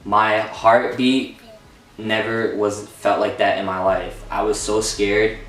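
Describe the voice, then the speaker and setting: A young man telling a personal story in a casual storytime vlog, excited, swearing and acting out what people said. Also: on the low side, takes it slowly. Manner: excited, swearing, acts out quotes. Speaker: vlogger. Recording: roomy echo from far off.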